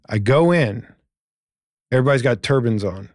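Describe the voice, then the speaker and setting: A middle-aged man telling a story in a relaxed podcast chat. He acts out the voices in it and swears now and then. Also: fairly low pitch, normal speed, no echo, clean studio sound. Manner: animated, acts out quoted lines, swears. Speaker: podcast guest. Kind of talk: casual storytelling.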